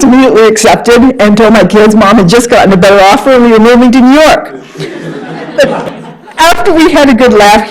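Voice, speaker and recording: A woman in her fifties, a trial lawyer, tells a story to an audience in a lively, animated way. Her voice sits at an ordinary mid-range pitch, swinging up when she gets excited. It is a guest lecture told as a personal tale. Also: poor audio.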